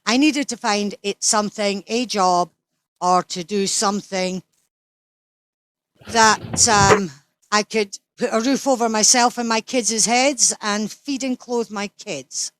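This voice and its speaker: A woman's voice: medium pitch, slow, a bit bright, dry recording. A Scottish woman in her sixties, an interview guest who talks bluntly and swears freely, as if ranting in casual chat. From Scotland.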